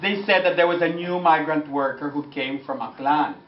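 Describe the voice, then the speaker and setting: A man giving a lively, laughing lecture with anecdotes, slipping into French and phrases. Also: on the high side, normal speed, very noisy. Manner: animated, mixes French and Filipino phrases, laughing often. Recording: distant roomy lo-fi recording with audience.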